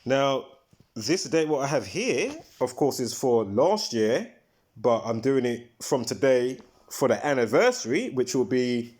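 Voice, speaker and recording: Unhurried and expressive, a man with an ordinary mid-range, darkish voice runs a loose, conversational livestream. He wanders from point to point with emphatic stress and keeps breaking off to recall some detail.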